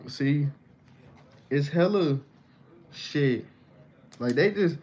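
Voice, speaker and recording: Speaking slowly with long pauses, a young man in a fairly high, expressive voice vlogs an unscripted, casual rant. He rambles in slang and profanity with abrupt loud outbursts, on a slightly dull lo-fi recording carrying faint hiss.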